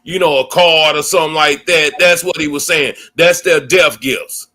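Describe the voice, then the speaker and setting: A man talks over clips in a reaction commentary, swearing freely and tripping over repeated words as he pushes his point. His voice sits a little high and has a bright, pressed edge. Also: steady tone, normal speed. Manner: profane, stammering, heated. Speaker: commentary host.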